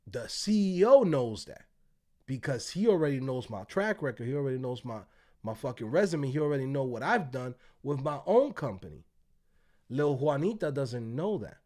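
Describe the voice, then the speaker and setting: A man hosting a livestream, telling a story in casual, profane, swaggering talk and acting out the other people's lines. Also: darkish tone. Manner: acts out quoted voices in a raised pitch. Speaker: host. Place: Tampa, United States.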